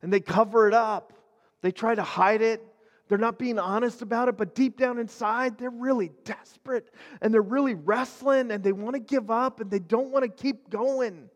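Earnest high-voiced man preaching casually. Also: fairly even intonation, normal speed, long reverb tail, muffled recording. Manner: conversational, earnest, many fillers and restarts. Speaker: pastor. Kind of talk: casual sermon video.

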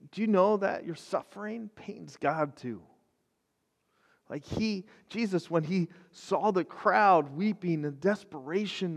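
A man preaching an online sermon in a conversational, earnest way, swinging between hushed, quiet passages and fervent, rising ones. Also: a little high. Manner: conversational, with many fillers. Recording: long reverb.

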